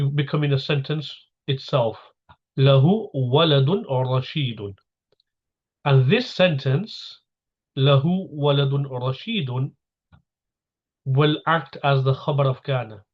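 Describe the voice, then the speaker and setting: A man's voice: medium pitch, highs cut off. A man teaching a grammar lesson, patiently breaking each sentence down step by step and repeating key terms.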